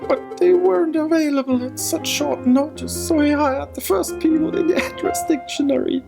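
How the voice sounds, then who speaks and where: A man voicing an excitable young female cat noblewoman in a high, breathless, chirpy way while reading a game aloud. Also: normal speed, creaky, over music. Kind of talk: let's play voice reading.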